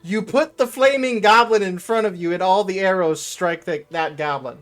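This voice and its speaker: A man narrating as game master in a tabletop game, casual and relaxed, swearing now and then. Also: high voice, moderate pace.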